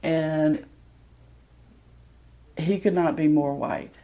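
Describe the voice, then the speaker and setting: A woman's voice: low-pitched, steady tone, drawn-out words, warm tone. A woman from Mississippi, candidly telling a personal story with plenty of ums. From Mississippi, USA. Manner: candid, self-deprecating, loose with fillers.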